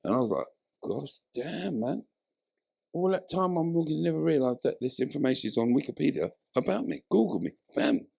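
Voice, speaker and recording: A man's voice: a little high, quick pace, creaky, hardly any pauses, no room sound, studio quality. A man, telling his story in a casual interview and acting out the voices of people in it. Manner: animated, acts out voices in his stories. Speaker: interview guest, former footballer.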